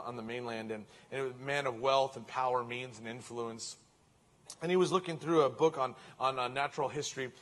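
A male pastor, preaching a sermon that moves from hushed near-whispers to loud, emphatic passages. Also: a little high.

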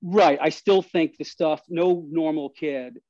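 Animated New man telling stories. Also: fairly high pitch, takes it slowly, dry recording. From New York. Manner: animated, restarts, laughs mid-story. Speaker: podcast guest. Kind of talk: casual storytelling. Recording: slightly dull dry recording.

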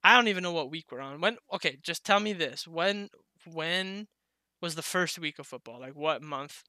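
A young man talks loosely with a friend, rambling, laughing and cursing as he goes. His voice is very bright and smooth, a little higher than most men's. The sound is dry and close. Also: expressive, moderate pace, no echo. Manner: laughs often, swears freely, rambling. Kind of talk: casual podcast chat.

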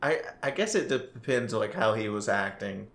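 A man's voice: on the low side, lively intonation, normal speed, a bit bright. A young man on a casual podcast, talking hesitantly, hedging and restarting his sentences. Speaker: podcast co-host.

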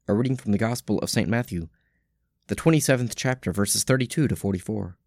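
A man reading daily scripture lessons and prayers in a measured, solemn way. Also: on the low side, darkish tone, no room sound, clean studio sound. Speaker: scripture reader.

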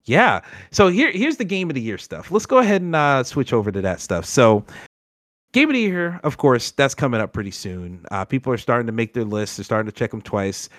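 A man hosting a podcast in casual chat, animated and joking with plenty of ums. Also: medium pitch, a little fast, dry recording, studio quality. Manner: animated, joking, many fillers. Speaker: podcast host.

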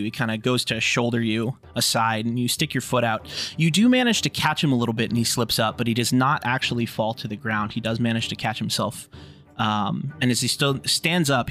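A man's voice: medium pitch, fairly bright tone. A man narrating as game master of a tabletop game, in a laid-back, casual way with filler words.

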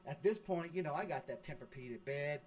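A man's voice: fairly high pitch, fairly quick. Profane man telling a wild story. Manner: profane, animated storyteller acting out his own quotes. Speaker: podcast co-host. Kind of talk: casual storytelling among friends. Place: studio with friends smoking on air.

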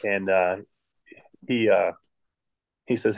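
A middle-aged man from Michigan talks in a somewhat low voice, easygoing and unhurried. He rambles through anecdotes about his jobs as a podcast guest, circling back and restarting his sentences as he goes. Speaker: podcast guest, water plant manager. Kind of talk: casual storytelling interview.

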